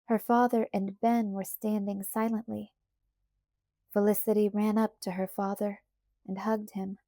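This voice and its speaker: Woman audiobook narrator, calm, even, mellow tone, dry close sound. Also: mid-range voice, measured pace, no room sound. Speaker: audiobook reader. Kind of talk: scripted narration.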